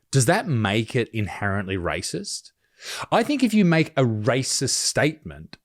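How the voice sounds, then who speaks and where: A man hosting a reaction commentary in a blunt, sarcastic, animated way. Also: on the low side. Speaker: commentary host.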